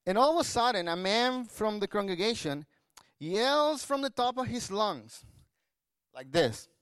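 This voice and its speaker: High-voiced pastor preaching a sermon. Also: male voice, animated, unhurried, a bit bright, smooth, no echo.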